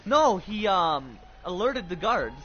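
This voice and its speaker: A man hosting a game livestream, chatting loudly and excitably with friends on a voice call, full of slang. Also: sits high, slow, dull audio, a little hiss or hum. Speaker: gaming livestream host. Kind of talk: casual chat with friends on a voice call.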